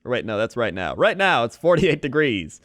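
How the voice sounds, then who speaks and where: A young man co-hosting a comedy podcast, explaining things in a goofy, deadpan, mock-serious way. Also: mid-range voice, fairly quick, no room sound, clean studio sound. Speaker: podcast co-host. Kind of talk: casual comedy chat.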